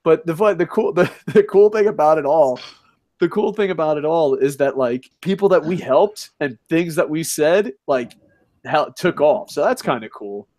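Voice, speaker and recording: Profane, excitable man podcasting. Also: a little high, moderate pace. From United States. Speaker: podcast co-host. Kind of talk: casual wrestling chat.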